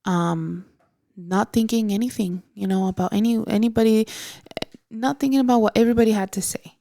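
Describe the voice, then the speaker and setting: A young woman hosting a podcast, telling a personal story in a halting, emotional way with many fillers and restarts, often soft and breathy. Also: mid-range voice, fairly even intonation. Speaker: podcast host.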